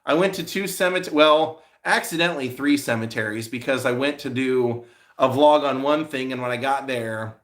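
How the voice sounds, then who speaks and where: A man's voice: medium pitch, moderate pace, fairly bright tone. A man hosting a live stream as a vlogger. He chats casually with his viewers and tells meandering stories, full of restarts and fillers. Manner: rambling storyteller with many restarts and fillers.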